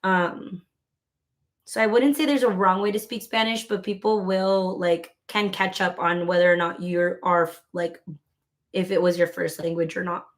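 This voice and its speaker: A woman's voice: lowish voice, steady tone, normal speed. A woman chatting casually at home while she crochets, rambling along with lots of filler words. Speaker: crochet vlogger.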